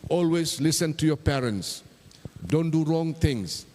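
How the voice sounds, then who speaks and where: A pastor tells a children's story slowly, his voice lifting and falling with lively melody. His speech carries the long reverb of a church hall. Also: fairly high pitch, a little hiss or hum. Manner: gentle storytelling with voiced characters.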